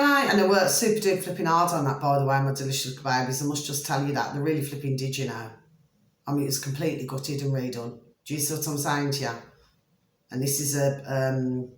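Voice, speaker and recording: A chatty woman rambles to her viewers in a casual vlog, warmly fond of them and always checking that they follow. Her voice leaps up for emphasis, then drops low into muttered asides. It is recorded in a bare, echoey room. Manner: swings between high emphatic bursts and low muttered asides. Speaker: vlogger.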